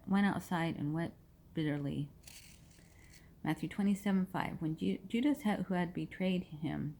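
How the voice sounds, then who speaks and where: Low-voiced woman reading scripture. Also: darkish tone, a little hiss or hum. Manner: reads verse references aloud, restarts and repeats phrases. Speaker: scripture reader.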